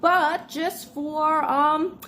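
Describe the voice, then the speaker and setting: A woman's voice: high voice, steady tone, drawn-out words, bright, forceful tone, a little hiss or hum. A woman hosting a video, explaining in a casual, conversational way with many fillers and acting out example lines. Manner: conversational, filler-heavy, acts out example dialogue. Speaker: video host.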